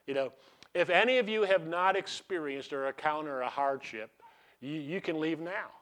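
Emphatic higher-pitched male pastor preaching. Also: normal speed. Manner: call-and-response questions to the congregation; swings between loud emphatic bursts and quiet asides. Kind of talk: sermon.

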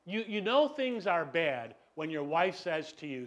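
Animated, self-mocking middle-aged preacher. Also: male voice, fairly high pitch, unhurried. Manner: animated, self-deprecating, acts out voices, many "you know"s. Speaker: pastor. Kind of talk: sermon with personal storytelling.

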